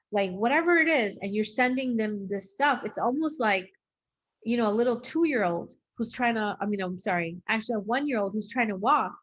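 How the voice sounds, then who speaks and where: A woman with a medium-pitched, fairly bright voice hosts an interview, telling her own story as an adult with a young daughter; the recording sounds muffled. She rambles loosely, filling her speech with lots of "like" and "um," and acts out quoted dialogue.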